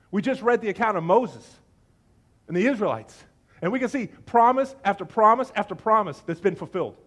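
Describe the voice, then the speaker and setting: A high-pitched male pastor gives a sermon full of animated storytelling, acting out the quoted voices of his listeners and of biblical figures.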